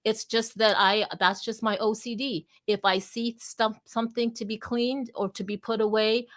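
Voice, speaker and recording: A woman's voice: a little high, little pitch movement, normal speed, a bit bright. Woman, casual live chat host, candid, rambling, lots of restarts. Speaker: host of a live audio space.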